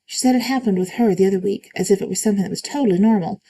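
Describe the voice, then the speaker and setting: A woman reading spooky stories aloud in a calm, even way, adding short comments of her own. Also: mid-range voice, racing, rough recording. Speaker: reader of online stories.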